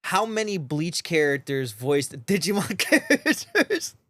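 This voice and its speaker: A podcast speaker rambles through casual chat in an amused, halting way. The voice sits at a middle pitch. The recording is dry and close. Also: very animated, a bit bright, dry recording.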